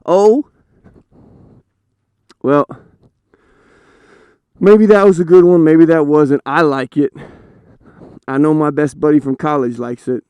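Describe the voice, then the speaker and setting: A man motovlogging from his motorcycle, chatting casually in an unhurried way and telling a joke into a helmet camera mic. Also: a little high, mellow, clean tone, no room sound. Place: outdoors on a motorcycle. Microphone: helmet-mounted camera mic.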